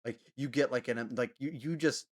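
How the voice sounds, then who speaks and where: A man's voice: medium pitch, normal speed. A man chatting casually with his live-stream audience, rambling with lots of fillers and frequent laughter. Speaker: livestreamer.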